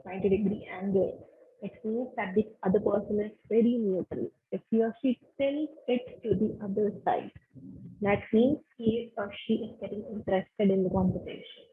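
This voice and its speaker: A woman's voice: mid-range voice, normal speed, a little hiss or hum. Indian woman trainer on a tinny line. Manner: instructive, gives direct tips. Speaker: webinar trainer. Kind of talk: online training lecture. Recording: tinny phone-line webinar audio.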